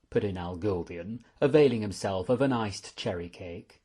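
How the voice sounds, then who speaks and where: A man's voice: lowish voice, normal speed, hardly any pauses, breathy edge. A man narrating an audiobook in a storytelling tone, shifting between voices for many characters. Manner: expressive, voicing many characters.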